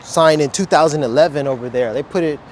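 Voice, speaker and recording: A man's voice: a little high, fast talker, a little hiss or hum. Easygoing male vlogger who rambles in slang while talking to camera outside. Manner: rambling, laid-back slang. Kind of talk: casual vlog. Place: outdoors beside a wall display.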